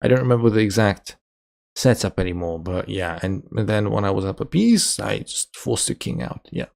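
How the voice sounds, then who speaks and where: A man's voice: lowish voice, expressive, normal speed, gravelly, darkish tone. A man casually chatting on a live stream, reading viewer comments aloud, joking and laughing often. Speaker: chess streamer.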